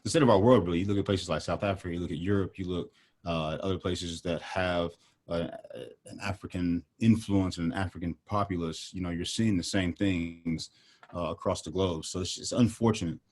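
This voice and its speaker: A man in a casual discussion, speaking in an earnest, measured way with many fillers. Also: sits low, fairly even intonation, a little mellow.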